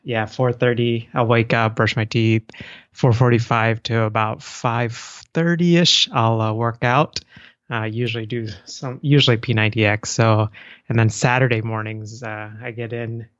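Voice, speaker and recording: A man's voice: medium pitch, fairly even intonation, a little slow, fairly bright tone, no room sound, highs cut off. A man being interviewed as a podcast guest, talking earnestly with frequent restarts and light laughs. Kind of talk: casual interview chat.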